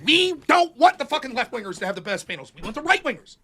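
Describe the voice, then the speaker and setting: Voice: sits high, big pitch swings, fast talker, sharp tone, slight background noise. A streamer in a played clip, ranting with sarcasm and indignation and swearing heavily. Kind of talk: angry profane rant.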